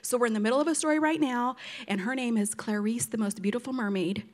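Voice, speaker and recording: An older woman with a bright, high-pitched voice tells family stories in a chatty, animated way. She laughs often and drops into playful voices for the children she quotes. Her tone is casual and conversational, as if sharing stories with friends. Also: fast talker. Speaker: storyteller grandmother. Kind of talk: casual storytelling to an audience.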